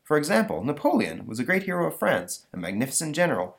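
A man's voice: fairly high pitch, wildly swooping pitch, fast, creaky, voice pushed up, exaggerated voice. A man voicing a prim, weary schoolteacher who lectures a class. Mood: lecturing.

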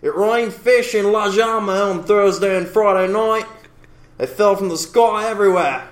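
A man's voice: sits high, normal speed, voice pushed up, lightly acted. A man reading a quote aloud as a local witness, in an exaggerated comic put-on Jewish-Australian accent. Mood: hammy. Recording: roomy echo.

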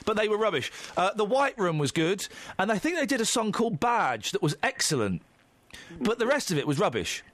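A man's voice: high-pitched, sing-song, fairly quick, a bit bright. A man hosting a radio show, teasing his co-host and callers in casual banter. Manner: teasing, mock-pompous. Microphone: studio microphone.

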